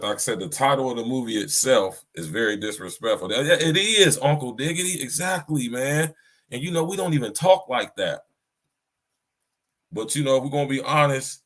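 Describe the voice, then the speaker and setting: A man's voice: medium pitch, a bit bright. A man hosting a podcast in a blunt, casual way, full of slang and repeating himself. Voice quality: blunt, slangy and repetitive, often adds "you hear me". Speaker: podcast host. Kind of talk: casual chat.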